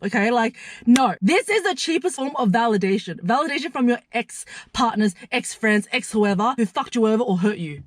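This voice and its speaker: A young woman with a fairly high voice tells a storytime vlog straight to camera in a blunt, profane, animated way. The sound is dry and close, with no room echo. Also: moderate pace. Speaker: lifestyle and mindset creator.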